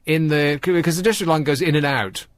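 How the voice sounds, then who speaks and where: A man's voice: a little high, brisk, dry recording. A man hosting late-night radio, telling rambling wry stories. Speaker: radio host.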